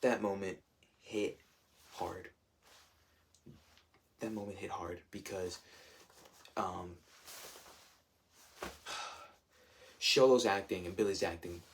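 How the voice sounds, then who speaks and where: A man's voice: sits low, fairly bright tone, a little hiss or hum. A man giving a casual spoiler review, enthusiastic and rambling, full of fillers. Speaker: show reviewer.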